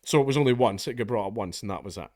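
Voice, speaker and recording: A man's voice: on the low side, animated, rapid-fire, a little mellow, no room sound, clean studio sound. A young Scottish man giving a profane, mocking commentary rant. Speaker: online commentator. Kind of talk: ranting commentary.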